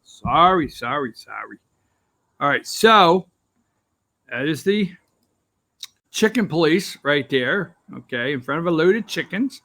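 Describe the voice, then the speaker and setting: A man's voice: fairly high pitch, big pitch swings, a little slow, long pauses, sharp tone. A man hosting a political opinion show, talking straight to viewers in a rambling, sarcastic way. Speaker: political talk show host. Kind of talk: opinionated commentary.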